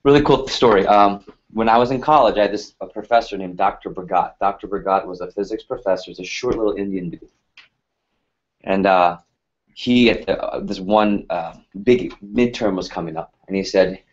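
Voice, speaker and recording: A man's voice: fairly low pitch, moderate pace. A man in his thirties leading a sales team workshop, talking casually and energetically and firing rhetorical questions at the room. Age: 30s. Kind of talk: motivational workshop talk. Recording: slightly muffled lo-fi sound.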